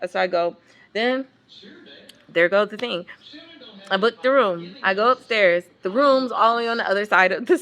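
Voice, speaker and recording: A mother vlogging a casual storytime, exasperated and swearing freely as she tells it. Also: a little high. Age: adult parent. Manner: exasperated, profane, animated storytelling.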